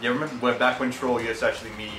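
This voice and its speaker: A young man with an American accent chats loosely while gaming, rambling and breaking into quick laughs. His voice sits at an ordinary pitch and comes from a mic set back in an echoey room. Steady noise hums underneath. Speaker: let's play host. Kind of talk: casual gaming chat. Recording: roomy distant mic with noise.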